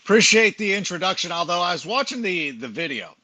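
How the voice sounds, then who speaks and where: Brisk and sharp-toned, a middle-aged man's high voice swings widely in pitch. He's a fantasy football analyst guesting on a podcast, chatting casually through meandering, self-mocking anecdotes full of filler words.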